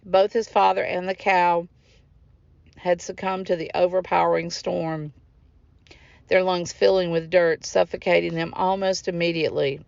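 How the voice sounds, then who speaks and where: Woman author narrating her own prose, steady and smooth, dry and slightly dull recording. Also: lowish voice, normal speed, no room sound. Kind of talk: reading her own novel aloud.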